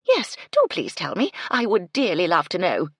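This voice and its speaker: Lady doing a snappy fussy woman, loud and exasperated, breathy voice. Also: lowish voice, wildly swooping pitch, moderate pace, no echo, clean studio sound, pitched above the performer's own voice, full character voice. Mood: irritated. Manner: sharp, testy, exasperated. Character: fussy, irritable innkeeper's helper woman.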